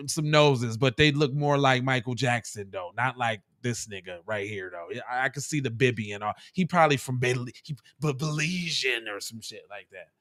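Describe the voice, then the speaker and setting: A man hosting a podcast, reacting to clips in loud, mocking casual commentary full of swearing. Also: mid-range voice, normal speed, few pauses.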